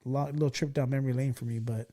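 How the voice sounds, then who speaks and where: Gravelly-voiced excitable man in his forties. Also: mid-range voice, fast talker. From California. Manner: profane, excitable storyteller. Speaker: podcast host. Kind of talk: casual storytelling chat.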